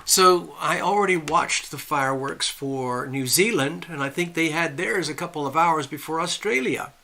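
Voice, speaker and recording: A man with a bright, slightly high voice hosts a relaxed live stream from home. He chats and rambles, greeting viewers one by one by name. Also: moderate pace, creaky, a little hiss or hum. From USA. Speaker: livestream host. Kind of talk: casual live chat reading viewer comments.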